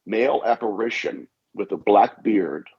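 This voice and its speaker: A guest demonologist on a podcast tells anecdotes, acting out each exchange and leaning on "I said" again and again. His voice sits fairly low and moves a little slowly, with a darkish, slightly rough tone. The audio is dull and lo-fi.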